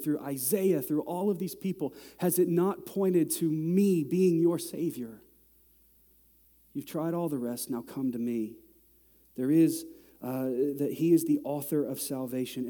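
A middle-aged man preaching to his congregation, with a warm, mellow voice a little higher than most men's. He talks in a loose, conversational way and builds to loud, exasperated peaks, and a long reverb trails each phrase through the big hall. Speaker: pastor. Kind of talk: sermon.

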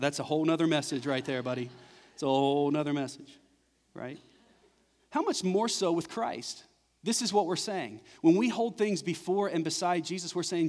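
A middle-aged pastor delivering a sermon, with a voice that sits a little higher than most men's. He drives his points home with punchy repetition, and his words ring out with a long echo through the church hall. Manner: preaching with rising, emphatic repetition. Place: church sanctuary. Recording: church recording with long reverb.

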